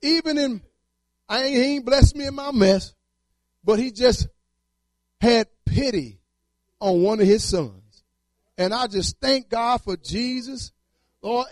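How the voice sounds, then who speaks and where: High-voiced man giving a church testimony. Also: darkish tone, no room sound. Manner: storytelling with churchy fervor, Southern Black vernacular speech. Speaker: testimony speaker.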